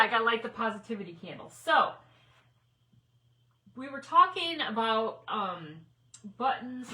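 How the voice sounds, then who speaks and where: Bright, chatty woman host. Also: a little high, a little hiss or hum, low-quality recording. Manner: chatty, folksy, talks to viewers by name. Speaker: craft livestream host. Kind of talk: casual live-stream chat.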